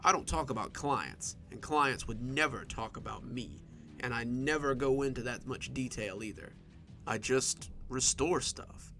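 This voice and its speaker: Male narrator for first-person horror fiction, bright voice, steady and measured. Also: mid-range voice, soft background music.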